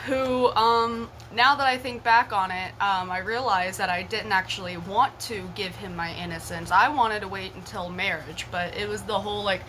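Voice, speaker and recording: A woman's voice: mid-range voice, moderate pace, sharp tone, a little hiss or hum, poor audio. A young woman vlogger telling a personal story to her viewers in a chatty, giggly way, full of slang and swearing. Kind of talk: casual storytelling to camera.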